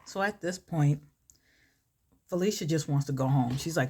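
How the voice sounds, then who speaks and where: Woman beauty vlogger, low-ish voice, chatty storyteller who laughs and gushes as she works. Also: moderate pace, long pauses, warm tone, slightly rough. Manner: chatty, laughs often, gushing exclamations. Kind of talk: storytelling during a makeup tutorial.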